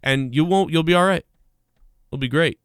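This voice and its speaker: Man, talk show host, crude ranting, slightly high, smooth, dry close mic. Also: normal speed, no echo. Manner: crude, ranting, mimics voices mid-story. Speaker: podcast host. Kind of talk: casual talk show banter.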